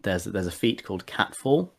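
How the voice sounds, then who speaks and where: Low-voiced man rambling casually. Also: lively intonation, moderate pace, vocal fry, fairly bright tone. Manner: rambling, many fillers and restarts. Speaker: podcast co-host, tabletop player. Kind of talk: casual chat.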